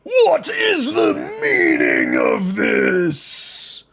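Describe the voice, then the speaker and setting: A domineering, lecherous rich husband with a gravelly, raspy bark that leaps wildly in pitch. He talks slowly, every word dragged out, with a bright, strained edge to the shouting. It is a showy wrestler-style growl. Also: wildly swooping pitch, crowd noise, full character voice. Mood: furious. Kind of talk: comic voice acting while reading a webcomic live.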